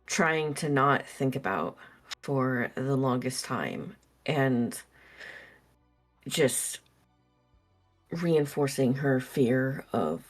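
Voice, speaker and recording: A woman playing a tabletop role-playing game, describing her character's actions slowly and thoughtfully. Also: rumbling low. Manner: slow, thoughtful, hesitant. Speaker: player. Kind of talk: role-play narration.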